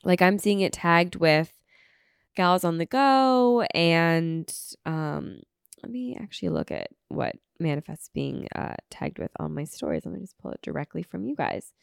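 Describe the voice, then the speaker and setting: A woman's voice: fairly low pitch, very animated, unhurried, vocal fry, smooth, dry recording, clean studio sound. Chatty young woman hosting a podcast, congested. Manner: chatty, uses "like" and "um" often. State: congested, getting over illness. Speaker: podcast host. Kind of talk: casual podcast chat.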